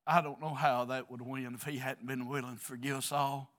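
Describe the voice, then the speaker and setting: A middle-aged man preaching an earnest, confessional sermon in a church, swinging between quiet stretches and loud ones. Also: mid-range voice, flat delivery, normal speed. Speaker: pastor.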